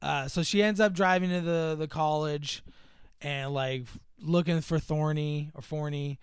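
A young man with a notably high, smooth voice chats casually about a film he has watched. He rambles through the plot with constant fillers and slips into the characters' lines as he goes. The sound is dry and close, with no room around it. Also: steady tone, measured pace, no room sound. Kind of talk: casual movie recap chat.

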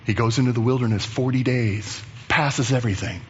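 A man preaching a sermon as pastor, animated and chatty, acting out the voices of Bible figures. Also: medium pitch, a little fast, muffled recording, slight background noise.

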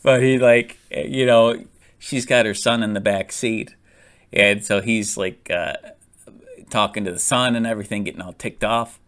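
A man's voice: fairly low pitch, fairly even intonation, normal speed, fairly bright tone. A man casually reviewing a movie, rambling with lots of fillers, restarts and frequent laughs.

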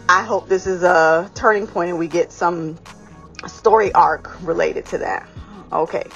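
A woman podcast host chatting casually and excitedly about a TV episode, with lots of fillers and asides. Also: medium pitch, highs cut off. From Washington state, US. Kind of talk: casual fan recap chat.

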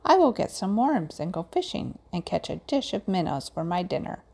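A genteel little gentleman frog, mild and a touch fussy, speaking in polite, proper storybook tones, as a woman puts him on. The voice is low and gravelly, with a warm, mellow color. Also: sing-song, moderate pace, full character voice. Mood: prim, mild. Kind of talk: storybook read-aloud.

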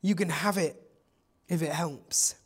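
A preacher voicing a humble young boy in a sermon story, talking softly and hesitantly. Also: a little high, measured pace, breathy edge. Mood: shy offering. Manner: soft, hesitant, modest. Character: humble young boy offering his food.

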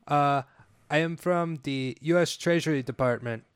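A man's voice: fairly high pitch, normal speed, clean tone, pitched above the performer's own voice, close to an everyday voice. A man imitating a male phone scammer posing as an official, with a put-on accent and stammering, overly polite talk. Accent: put-on foreign accent.

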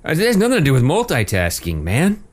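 A man's voice: on the high side, wildly swooping pitch, a little fast. A man who works in radio, co-hosting a podcast and trading teasing jokes in casual chat. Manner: joking, teasing banter.

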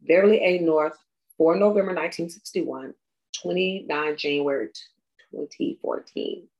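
A young woman reading a personal memorial tribute aloud, tearful and halting, stumbling and restarting as she goes. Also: sits low, a little mellow, lo-fi sound. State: tearful, crying.

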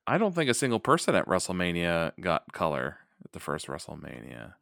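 A man's voice: sits low, huge pitch swings, fairly quick, creaky, a bit bright, no room sound, clean studio sound. A man co-hosting a casual podcast chat, making wry asides and laughing often. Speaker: podcast co-host.

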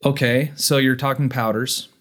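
A man co-hosts a podcast in casual conversation, joking around and explaining things with lots of filler words. His voice is medium in pitch and fairly bright, with fairly even intonation at a normal speed.

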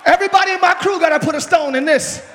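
A male pastor preaching a sermon in a large church hall, shouting and calling on the congregation to respond. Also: very high voice, fast. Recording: live church hall with long reverb, crowd noise.

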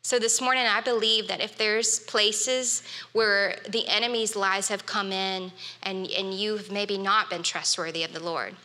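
A woman's voice: medium pitch, steady tone, a little slow, sharp tone. A woman preaching a sermon in an earnest, conversational way, with casual fillers. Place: church hall. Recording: long reverb of a church hall.

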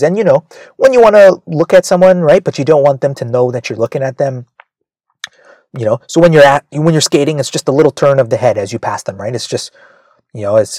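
A man's voice: mid-range voice, dark tone, no echo. Rambling male comedian telling a story. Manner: rambling, self-mocking, many "right?" asides.

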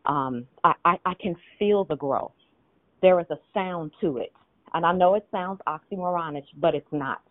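A woman leading a group call, giving spiritual teaching in a measured, teacherly way with rhetorical questions. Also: fairly low pitch, no echo. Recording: tinny phone line.

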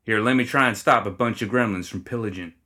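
A man's voice: on the low side, fast, bright, forceful tone. A man doing a goofy drawling gremlin boss. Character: goofy, reckless male gremlin gang leader.

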